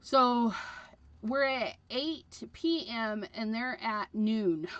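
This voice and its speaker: A woman's voice: on the high side, very animated, very slow, fairly bright tone, no room sound. A woman hosts a live crafting stream and chats freely as she cuts and arranges paper. She rambles with plenty of fillers, in a slightly raised voice. The sound is muffled, like lo-fi stream audio. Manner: chatty and rambling, with frequent fillers. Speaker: crafting livestream host. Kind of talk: casual chat while crafting. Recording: dull lo-fi livestream audio.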